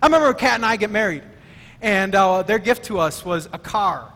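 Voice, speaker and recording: High, bright-voiced male pastor preaching. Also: normal speed. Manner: emphatic, excitable, stammering restarts. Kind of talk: sermon. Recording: long hall reverb.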